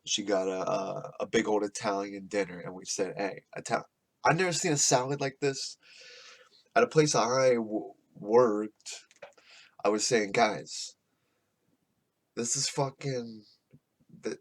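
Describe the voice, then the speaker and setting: A man talking loosely into a podcast mic, cursing freely and drifting from one thought to the next. His pitch sits right in the middle, and he laughs at his own stories as he goes. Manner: profane, rambling, laughs often. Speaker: podcast host. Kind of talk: casual rambling monologue. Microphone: podcast microphone.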